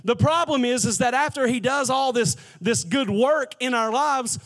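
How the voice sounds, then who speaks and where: A pastor delivering a sermon in a very high voice for a man. He talks conversationally but presses his points with emphasis. He keeps drawing the congregation in with questions. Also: normal speed, a bit bright.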